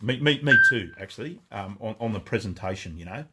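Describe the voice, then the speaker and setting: A man hosting a live product showcase from a gun shop, excitable and rambling, swearing freely as he talks. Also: on the low side, a little fast, husky. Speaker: gun shop owner and livestream host.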